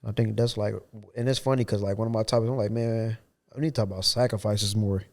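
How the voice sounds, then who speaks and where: A man's voice: on the low side, steady tone, quick pace, a little mellow. A young man hosting a podcast in casual chat, sounding stuffy and nasal from a cold, with loose, slangy talk. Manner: laid-back, loose slangy talk with frequent "you know what I'm saying". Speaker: podcast host.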